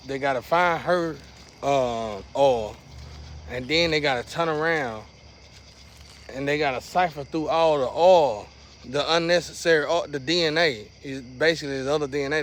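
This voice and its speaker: A man's voice: fairly high pitch, moderate pace, slight background noise. Rambling slangy man talking to viewers. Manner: rambling, slangy, restless swings in loudness. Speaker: vlogger. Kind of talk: casual monologue to viewers.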